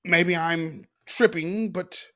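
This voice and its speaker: Here the host's voice sits on the high side, bright and forceful, with a steady tone and an unhurried pace. Commenting casually on news clips, he laughs a lot, loses the thread and starts over, and spins off into riffs on his own asides.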